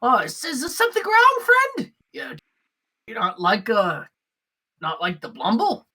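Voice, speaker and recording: A woman's voice: fairly high pitch, huge pitch swings, measured pace, pushed and bright, breathy edge, pitched above the performer's own voice, heavily acted. A woman voicing an eager, friendly male kobold bartender in a tabletop game. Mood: chirpy.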